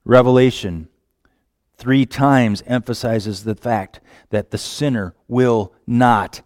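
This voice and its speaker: A man preaching a sermon with passion, moving from quiet, reflective lines to sudden wailing cries. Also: medium pitch, slow pace, dry recording, clean studio sound.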